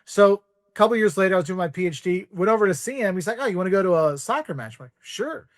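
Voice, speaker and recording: A man's voice: sits high, expressive, racing, no echo, studio quality. A man in his forties, a guest on a podcast, rambling through travel stories and acting out voices in quotes. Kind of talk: casual storytelling.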